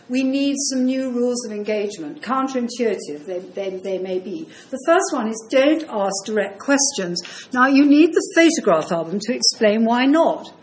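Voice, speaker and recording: A woman giving a lecture on dementia care, brisk and explanatory with frequent ums. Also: on the high side, animated. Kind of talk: lecture talk to an audience. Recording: roomy echo.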